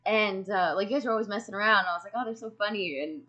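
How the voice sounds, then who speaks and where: A woman's voice: mid-range voice, quick pace, muffled recording. A woman hosting a casual video call from home, telling stories with laughs and the odd swear. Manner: animated storytelling with laughs and swearing. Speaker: streamer host. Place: home room with cats. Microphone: home streaming mic on a video call.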